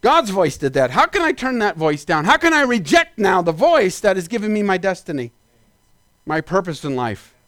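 A man preaching a sermon as pastor, climbing into shouted peaks and then dropping into quick asides. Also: high-pitched, sing-song, no echo, studio quality.

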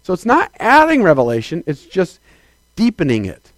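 A man preaching a sermon as a pastor, swinging between loud declarations and quiet asides and calling out to the congregation. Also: high voice, huge pitch swings, normal speed, no room sound. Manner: calls out to the congregation for affirmation.

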